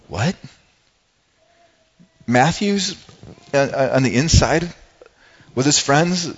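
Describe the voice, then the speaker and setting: Conversational preacher, dull lo-fi sound. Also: male voice, fairly high pitch, animated, a little slow, pauses often. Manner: conversational, asks the congregation questions. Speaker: pastor. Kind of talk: sermon.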